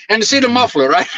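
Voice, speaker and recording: A man's voice: extremely high pitch, breathy edge, no room sound. A man telling stories in casual chat, acting out the people he quotes and laughing often. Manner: animated storyteller, acts out quotes, laughs often. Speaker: guest videographer. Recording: dull lo-fi dry sound.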